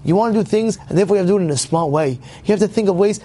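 High-voiced, emphatic rabbi teaching. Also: male voice, very fast, few pauses, warm tone. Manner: emphatic, repeats himself, asks rhetorical questions. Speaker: rabbi teaching his congregation. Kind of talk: religious class lecture.

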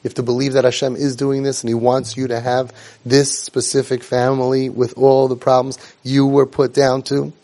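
A man's voice: medium pitch, flat delivery, normal speed, dark tone. Earnest man giving a faith-based training talk. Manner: earnest, rhetorical questions, repeats phrases for emphasis; sprinkles in Hebrew and Yiddish religious terms. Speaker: family support trainer. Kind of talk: instructive talk to a group of young siblings.

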